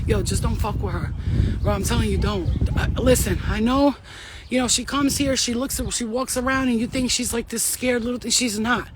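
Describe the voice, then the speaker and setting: A woman's voice: mid-range voice, noisy background. Blunt, profane woman giving a spiritual pep talk. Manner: blunt, profane, slangy and fired-up. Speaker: spiritual reader. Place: outdoors walking a dog.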